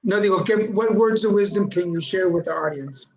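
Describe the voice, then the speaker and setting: A man's voice: high-pitched, a little fast, lo-fi sound. A man hosting a live video chat, telling a funny story in a sarcastic, joking way and dropping in Spanish words. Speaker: host. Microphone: video call.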